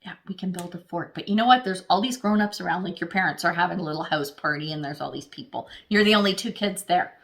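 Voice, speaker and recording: A woman's voice: lowish voice, fast, creaky, few pauses, fairly bright tone. A woman giving a casual tarot reading, who talks straight to the viewer, thinks aloud as she pulls cards and swears freely. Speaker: tarot reader.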